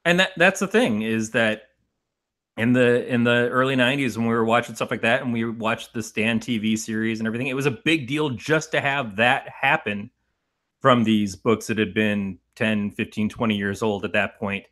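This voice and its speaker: A middle-aged man co-hosting a horror movie podcast in casual chat, animated and profane, rambling through his points. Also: mid-range voice, normal speed. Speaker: podcast co-host.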